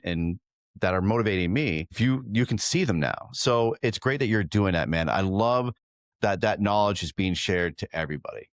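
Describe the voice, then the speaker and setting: Podcast host guy with a lowish voice, kinda rambly and grateful, dry mic. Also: no echo. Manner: warm, appreciative, rambling with restarts. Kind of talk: casual podcast conversation.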